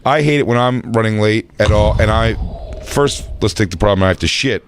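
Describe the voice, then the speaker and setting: A man with a fairly low voice trades crude jokes on a radio show. He talks casually and fires off quick riffs during the banter. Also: a little hiss or hum.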